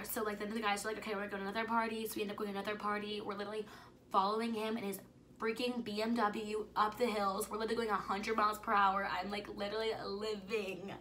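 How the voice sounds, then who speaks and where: Bright-voiced young woman gushing a story. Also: mid-range voice, a little hiss or hum. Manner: excited, gushing, many "like"s, dropping to whispers. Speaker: vlogger. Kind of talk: casual storytelling.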